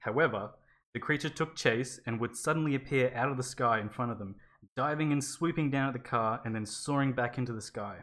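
Laughing often and cursing without restraint, a podcast co-host shares a creepy tale in casual chat. She has a bass voice that's slightly quick and a bit bright.

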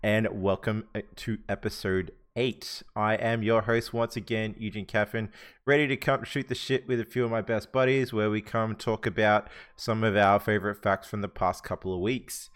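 A man's voice: on the low side, steady tone, moderate pace, fairly bright tone, smooth. A man hosting a casual podcast chat among friends, laid-back, swearing and laughing often. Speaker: podcast host.

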